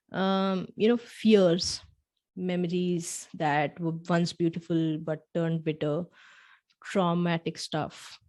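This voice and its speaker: A woman hosting a podcast, talking the listener through a scenario in the second person with soft asides, and slowing down on key points. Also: fairly low pitch. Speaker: podcast host. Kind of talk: reflective storytelling podcast.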